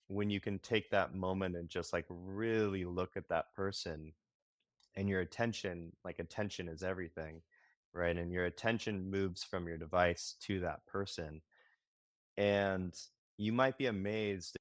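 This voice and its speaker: A man's voice, notably deep, speaks as a podcast guest with a reflective, exploratory delivery. He circles back and rephrases as he thinks aloud. The sound is dry and close, with no room around it. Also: dry recording. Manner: reflective, searching, many "like" restarts. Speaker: guest, marriage and family therapist. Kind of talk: casual podcast conversation.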